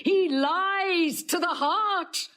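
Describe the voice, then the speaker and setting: A woman's voice: very high voice, extremely slow, bright, forceful tone, heavily acted. An actress playing a fierce, loyal lady's maid in a classical stage drama, speaking urgently and defiantly. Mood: defiant, grieving.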